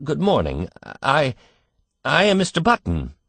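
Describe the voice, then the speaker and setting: A man's voice: a little high, huge pitch swings, a little slow, vocal fry, a bit bright, no room sound, pitched above the performer's own voice, full character voice. A man playing a frantic young Southern father. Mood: anxious. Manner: breathless, panicky questioning.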